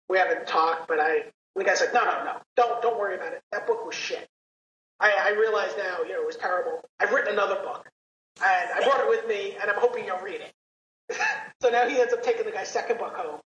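Woman podcast host, rambling storyteller, roomy room, slightly dull recording with faint hiss. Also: medium pitch. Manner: rambling storyteller, many fillers. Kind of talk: casual podcast chat.

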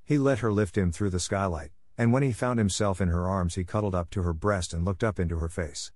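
A man reading a classic storybook aloud in a calm, measured manner. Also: deep voice, no echo, studio quality. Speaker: narrator. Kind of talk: storybook narration.

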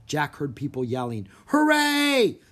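Here the narrator, speaking at medium pitch and an even, moderate pace, reads a children's chapter book in an expressive, animated storytelling style.

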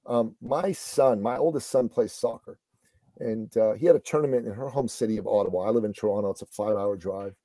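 A middle-aged man, a business coach, telling a motivational story in a lively conversational way. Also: medium pitch, no room sound.

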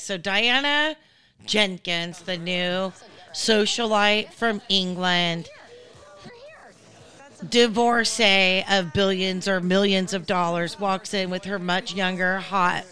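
A woman's voice: mid-range voice, bright, forceful tone. A woman hosting a podcast, recapping a show in a chatty, blunt, profane way that wanders off on tangents. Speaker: podcast host. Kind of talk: casual recap commentary.

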